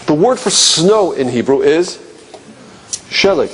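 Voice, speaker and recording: A man's voice: a little high, expressive, slow pace, a little hiss or hum. Man lecturing with rhetorical questions. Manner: rhetorical questions, musing "interesting". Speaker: teacher. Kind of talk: classroom lecture.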